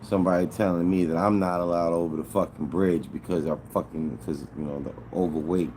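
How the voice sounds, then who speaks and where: A man's voice: sits low, fairly even intonation, brisk, a little mellow, a little hiss or hum, poor audio. A man livestreaming to his viewers, rambling in an aggrieved way and swearing a lot. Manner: aggrieved, rambling and heavily profane. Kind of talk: casual livestream chatter to viewers.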